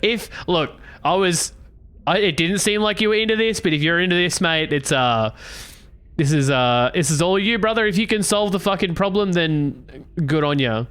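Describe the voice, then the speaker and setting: A man's voice: high-pitched, normal speed, a bit bright, smooth, no echo. A man, a player role-playing his character in blunt, slangy, swearing talk. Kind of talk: casual in-character role-play.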